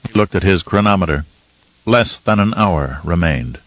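A man narrating an audiobook in a measured, steady way. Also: deep voice, no room sound, muffled recording. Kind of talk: scripted narration.

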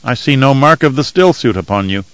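A man's voice: mid-range voice, lively intonation, brisk, a bit bright, clean tone, dry recording, pitched above the performer's own voice, close to an everyday voice, rough recording. A man doing a hearty, teasing desert warrior.

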